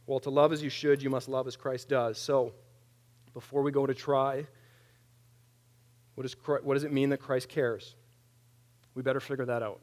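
A man in his thirties preaching a conversational sermon, animated and plain-spoken, with wry humor. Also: medium pitch, normal speed, pauses often. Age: 30s. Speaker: pastor.

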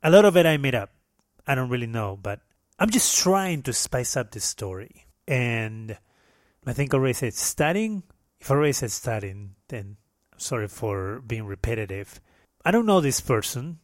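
Speaking at normal speed with big pitch swings in a medium-pitched voice, this man from Peru, whose first language is Spanish, hosts a casual solo podcast in a Peruvian Spanish accent. He's playful, self-mocking and rambling, and the studio recording is clean with no room sound.

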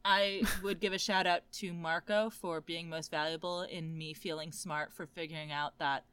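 A woman's voice: lowish voice, fairly even intonation, moderate pace, fairly bright tone, smooth, no room sound. A young woman co-hosting a podcast, musing and wry in casual book chat. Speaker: podcast co-host.

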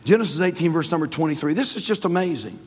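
A man, a pastor preaching a sermon in a church, swinging between loud fervor and hushed tones. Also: a little high, animated, quick pace, husky, long reverb tail. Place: church sanctuary.

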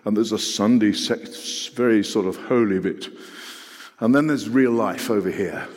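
Middle-aged preacher, earnest sermon delivery with rhetorical questions, long reverb of a hall. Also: male voice, lowish voice, measured pace. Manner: earnest, rhetorical questions, shifting between loud and hushed.

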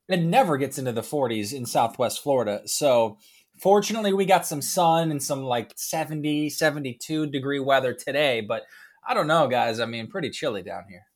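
Rambling man in casual podcast chat. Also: mid-range voice. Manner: rambling, with many fillers. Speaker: podcast guest.

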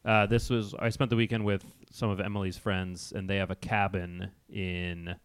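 A man's voice: low voice, level tone, moderate pace, clean tone, dry recording. A man co-hosting a podcast, recounting a trip in a laid-back, hesitant way. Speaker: podcast co-host. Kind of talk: casual chat.

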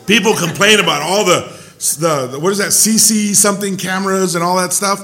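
A middle-aged male pastor preaching a conversational sermon, restarting phrases often and breaking into shouts for emphasis. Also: high-pitched, moderate pace, few pauses.

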